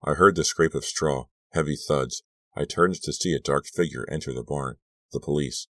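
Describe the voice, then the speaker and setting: A man with an extremely deep voice narrates a horror audiobook in a measured, dramatic first-person reading. The sound is close and dry, with no room at all. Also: a bit bright, dry recording. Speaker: audiobook reader.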